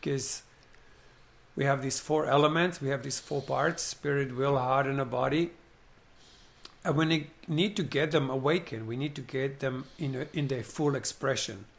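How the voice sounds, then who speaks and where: Speaking at medium pitch and a moderate pace with some vocal fry, this man recounts a movie scene with enthusiasm. He plays out each role and keeps posing rhetorical questions along the way.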